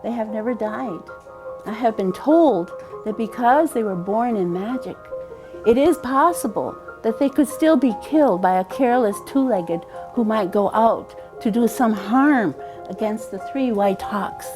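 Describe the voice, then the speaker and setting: A woman with a high voice tells a folk tale aloud. She is lively and warm in pacing, slowing down for emphasis and repeating key phrases for rhythm. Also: over music. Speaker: storyteller. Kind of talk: oral storytelling of a folk tale.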